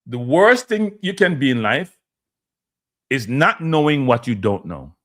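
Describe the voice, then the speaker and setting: A man's voice: medium pitch, big pitch swings, unhurried, a bit bright. A man with a Jamaican accent, hosting a live stream and ranting heatedly, switching between standard English and patois. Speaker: host. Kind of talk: impassioned live-stream rant.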